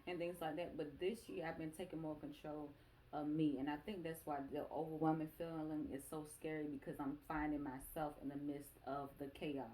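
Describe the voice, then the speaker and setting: A young adult woman hosts a casual podcast, talking candidly about her kids and being overwhelmed. Her voice sits a little low. A faint hum of room noise runs underneath. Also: level tone, brisk, mellow, low-quality recording. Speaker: podcast host.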